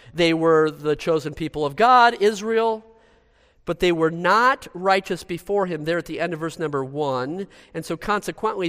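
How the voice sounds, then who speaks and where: A man's voice: fairly high pitch, a bit bright. A man preaching a sermon as pastor, emphatic and building to pressing rhetorical questions before his congregation. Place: church sanctuary. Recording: long reverb of a church hall.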